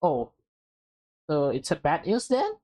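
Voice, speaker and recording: Slow-reading young woman streamer. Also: deep voice, big pitch swings, mellow. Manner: emotional, laughing reactions. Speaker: streamer reading a visual novel. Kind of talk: casual let's-play reading and reactions.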